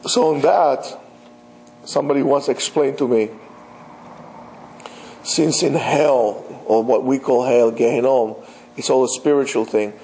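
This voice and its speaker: A man's voice: medium pitch, fairly even intonation, measured pace, pauses often, mellow, slight background noise, rough recording. A man, a rabbi, giving an emphatic religious lecture and speaking straight to his listeners with rhetorical questions. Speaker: rabbi teaching.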